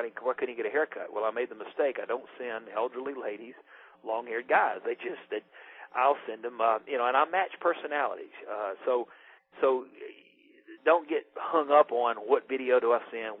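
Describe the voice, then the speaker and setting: Husky guy rambling on a sales training call, lots of uhs, tinny phone sound. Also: mid-range voice. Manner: rambling, with many fillers and restarts. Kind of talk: casual sales training talk. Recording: tinny phone-line recording.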